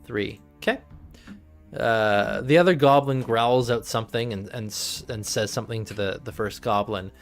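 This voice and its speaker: A man's voice: lowish voice, moderate pace, soft background music. A man narrating as game master for a tabletop game, rambling with lots of fillers. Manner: rambling, filler-heavy, laughing.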